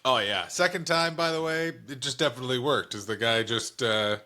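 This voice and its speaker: Bright-voiced animated male comedian. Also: mid-range voice, a little fast. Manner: animated storyteller, swearing, slipping into mock voices. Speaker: comedian podcast co-host. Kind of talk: casual comedic chat.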